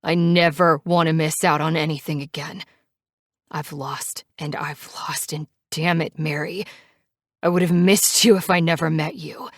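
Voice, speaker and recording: A woman reading the lines of an angry, grieving young male biker in an audiobook, shouting and accusing. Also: sits low, fairly even intonation, a little slow, dry recording, clean studio sound. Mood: pained.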